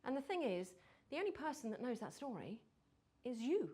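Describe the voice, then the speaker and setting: A woman giving a lively talk on storytelling to a group, acting out her stories and sometimes dropping to a whisper for suspense. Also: fairly high pitch, a little fast, husky. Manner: animated, mimics accents, drops to whispers for suspense. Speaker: speaker on storytelling.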